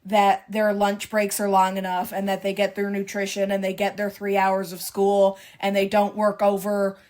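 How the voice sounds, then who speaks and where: A Canadian woman co-hosting a podcast in casual chat, chatty and excitable, quick to gasp and laugh. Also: medium pitch. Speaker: podcast co-host.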